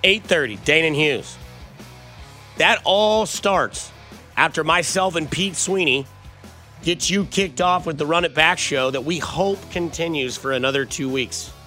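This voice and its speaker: A man's voice: a little high, a little slow, sharp tone, soft background music. A young man hosting a sports radio show, chatting and telling rambling stories in a casual way. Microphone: studio microphone.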